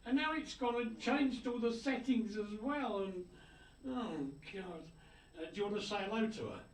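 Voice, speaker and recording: A man hosting a radio show, chatting casually and jokingly as he reads out listener greetings. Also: moderate pace. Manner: jokey, chatty, with lively swings of pitch. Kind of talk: casual on-air chat, reading listener messages. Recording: roomy, distant mic with faint noise.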